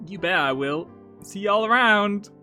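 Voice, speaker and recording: A man's voice: sits high, expressive, measured pace, pushed and bright, soft background music, heavily acted. Man putting on a drawling Southern biker bird. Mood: easygoing. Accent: put-on American Southern. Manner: folksy, laid-back drawl.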